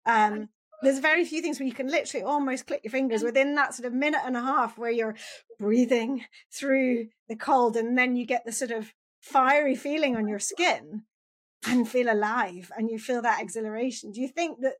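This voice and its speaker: Higher-voiced woman podcast host. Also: moderate pace. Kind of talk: conversational interview.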